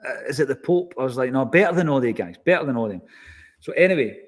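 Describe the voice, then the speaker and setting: Scottish man telling an animated anecdote. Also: mid-range voice, quick pace. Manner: animated anecdotal, acts out quoted exchanges. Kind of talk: casual storytelling.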